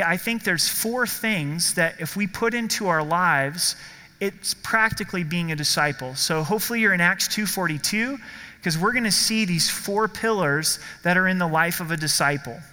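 Bright-voiced pastor guy preaching, high and earnest, big echoey church hall. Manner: earnest, emphatic preaching with repeated phrases. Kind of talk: sermon. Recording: long hall reverb in a church sanctuary.

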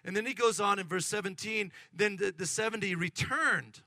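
A middle-aged man preaching a lively sermon, acting out excited voices and asking the congregation questions. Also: high voice, normal speed, no echo. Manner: animated, acts out excited voices, addresses congregation. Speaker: pastor.

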